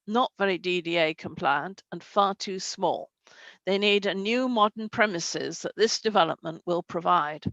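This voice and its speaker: A councillor makes her case to a planning committee over a video call. Her voice has a gravelly edge of vocal fry, and the sound is dry and close. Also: mid-range voice, fairly bright tone, dry recording, poor audio. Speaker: councillor speaking on an application. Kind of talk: prepared statement at an online council meeting.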